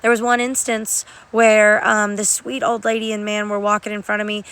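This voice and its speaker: Gravelly, bright-voiced woman. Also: mid-range voice, level tone, moderate pace. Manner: earnest, heartfelt, chatty with many fillers. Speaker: mission trip volunteer. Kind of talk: casual spoken testimony.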